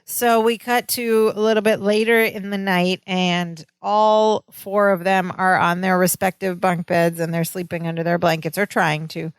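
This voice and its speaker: A woman co-hosting a podcast, retelling a sitcom episode in a lively, laughing, storytelling way. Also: lowish voice, moderate pace, hardly any pauses, smooth, dry recording. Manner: animated storytelling, laughs often. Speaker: podcast co-host. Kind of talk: casual chat recapping a sitcom episode.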